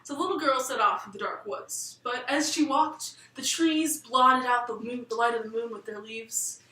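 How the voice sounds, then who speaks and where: A woman telling a bedtime story in a lilting, expressive manner. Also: a little high, moderate pace, recorded from a distance. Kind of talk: storybook narration. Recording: roomy room, voice set back from the mic.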